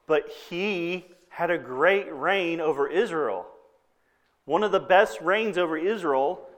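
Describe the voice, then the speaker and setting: A man preaches to his congregation in an easygoing, talky manner, often pausing to ask "okay?" before moving on. His voice sits a little higher than most men's. He sounds like a pastor speaking to his own church. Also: fairly bright tone. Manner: conversational preaching with frequent "okay?" check-ins. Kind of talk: sermon.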